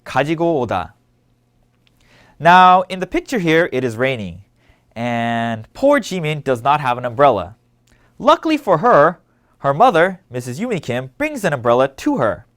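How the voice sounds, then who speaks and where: A man leads a scripted language lesson with a slightly high voice that moves a lot in pitch. He explains each word clearly and patiently. He keeps asking listeners to read along and repeat after him. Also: big pitch swings, moderate pace, fairly bright tone. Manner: clear, patient instructional delivery. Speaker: language teacher.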